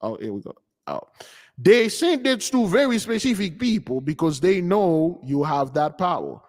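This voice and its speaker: A man's voice: high voice, normal speed. Emphatic preaching man, reverberant room. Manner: animated, emphatic, mocking. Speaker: channel host giving a spiritual talk. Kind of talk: casual preaching to followers.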